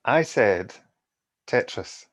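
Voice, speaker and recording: Male podcast co-host, middle pitch, chatty, laughs a lot. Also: expressive, very slow. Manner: laughs often, chatty and rambling. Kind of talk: casual chat.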